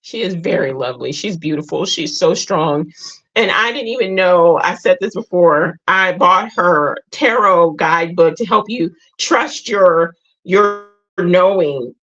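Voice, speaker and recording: A woman hosting a live group talk, sharing her own story in a halting, emotional way and often repeating or restarting her words. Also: lowish voice, fairly bright tone, highs cut off. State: tearful at times. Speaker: host.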